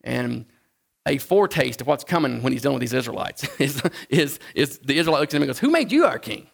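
A man preaching a sermon in a conversational, halting way, often restarting his sentences. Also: vocal fry. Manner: acts out the Bible figures in a higher voice. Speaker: pastor.

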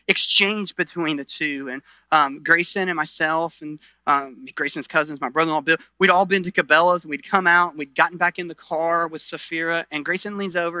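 With a voice on the high side and no room sound, a middle-aged man delivers a sermon as pastor. He's earnest, alternating loud emphasis with quiet intensity and frequently restarting phrases.

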